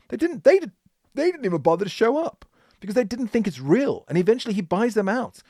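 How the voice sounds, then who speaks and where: A man hosting a podcast, telling a business history story in an animated, emphatic way. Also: sits high, quick pace, no room sound, clean studio sound. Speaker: podcast host.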